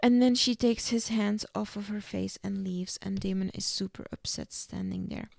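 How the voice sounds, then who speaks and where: Chatty young female podcast host, mellow gravelly voice. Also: mid-range voice, normal speed, no echo, clean studio sound. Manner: chatty, full of "like" and "you know". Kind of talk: casual episode recap.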